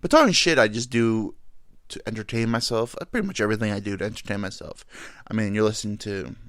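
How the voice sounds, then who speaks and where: A man's voice: fairly low pitch, quick pace, a bit bright, no echo, studio quality. A man hosting a solo comedy podcast who rambles loosely between tangents and swears freely. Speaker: podcast host.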